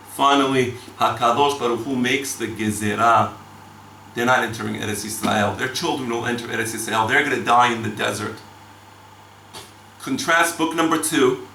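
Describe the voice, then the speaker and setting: Dramatic rabbi in an echoey room. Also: male voice, a bit bright, slight background noise. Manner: dramatic, rhetorical questions, sweeping pitch for emphasis; sprinkles Hebrew terms and reads Talmud aloud. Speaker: rabbi teaching the weekly Torah portion. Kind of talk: spoken Torah class. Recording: echoey room, mic at a distance.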